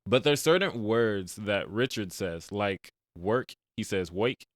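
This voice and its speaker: A man's voice: lowish voice, animated, slow pace, no echo. A young adult man hosting a casual movie podcast, retelling scenes with slangy asides. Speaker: podcast host reviewing movies. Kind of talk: casual chat.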